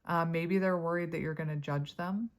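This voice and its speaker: A woman's voice: lowish voice, steady tone, normal speed. A woman giving a casual tarot reading to camera, chatty and thinking aloud as she goes, often breaking into laughter. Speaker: tarot reader.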